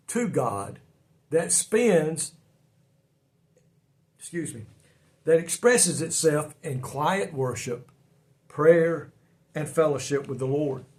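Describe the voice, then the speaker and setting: A man giving a daily devotional sermon in a folksy, earnest way. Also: a little high. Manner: folksy, earnest, repeats words when stumbling. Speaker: devotional preacher.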